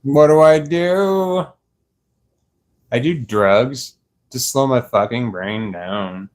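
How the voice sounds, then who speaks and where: A young man rambling slowly on a live stream from his sofa, tired and a little slurred, laughing often. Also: mid-range voice, lively intonation. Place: dark room on a sofa at home. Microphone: clip-on microphone.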